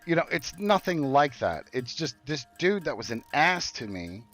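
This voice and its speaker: A man streaming a game and ranting hard, swearing and indignant, his voice often dropping low and then rising in bursts. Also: big pitch swings, moderate pace, a bit bright, soft background music. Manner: heated, profane, indignant. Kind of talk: angry rant while gaming.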